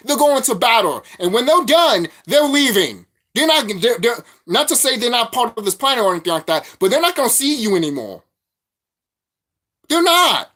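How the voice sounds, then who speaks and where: Profane ranting man, lively pitch. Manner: profane, repetitive, preachy. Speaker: vlogger. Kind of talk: spiritual rant monologue.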